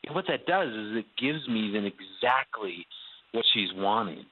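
A man's voice: fairly low pitch, animated, moderate pace, narrow, tinny audio, slight background noise. Earnest guy talking marriage, sounds like he's coming through a phone. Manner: earnest, restarts often. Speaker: marriage guest. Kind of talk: casual radio talk.

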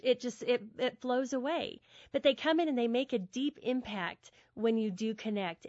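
A woman talking earnestly and warmly in a casual conversational teaching style, often repeating words as she thinks. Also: on the high side, dry recording. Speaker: guest speaker on friendship. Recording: dull dry podcast audio.

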